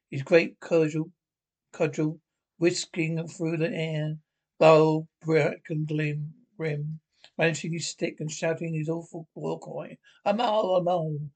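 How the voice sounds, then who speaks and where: A man reads a children's classic aloud in a slightly high voice. He halts often, restarting words and fixing slips as he goes, like a plain amateur reading. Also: a little mellow, rough recording. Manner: halting, with frequent restarts and slips. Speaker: reader.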